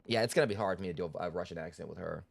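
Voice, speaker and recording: Rambling low-voiced male game streamer. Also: racing, gravelly, no room sound. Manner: rambling, self-deprecating, many fillers. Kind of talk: let's-play commentary.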